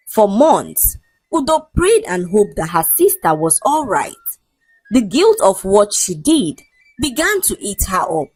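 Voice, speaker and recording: A woman narrating a folk tale in an expressive storytelling manner, her pitch rising and falling across each sentence. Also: husky, no echo, poor audio.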